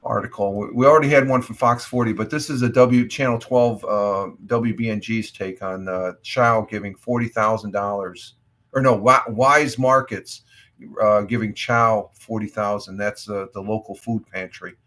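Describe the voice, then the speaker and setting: A man's voice: lowish voice, fairly even intonation, moderate pace, fairly bright tone. Rambling American man hosting a morning stream. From United States. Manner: rambling, many fillers and restarts. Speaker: livestream host. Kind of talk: casual morning chat reacting to news.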